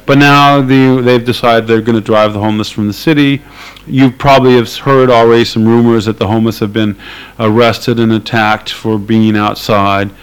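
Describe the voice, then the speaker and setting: A man's voice: medium pitch, steady tone, normal speed, clear, resonant tone, low-quality recording. A man being interviewed, talking casually and hesitantly with many fillers and dry laughs. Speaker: activist interviewee.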